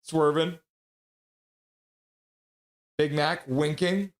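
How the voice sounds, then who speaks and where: A young man hosting a live stream, casually chatting and reading viewer comments aloud with quick asides. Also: on the high side, fairly even intonation. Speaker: livestream host reading chat. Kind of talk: casual live reaction chat.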